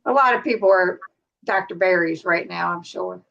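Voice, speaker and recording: A woman from North Carolina hosts a casual livestream chat. She talks freely and laughs easily, in a relaxed, everyday tone. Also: lowish voice, moderate pace, gravelly, dull audio. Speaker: livestream host.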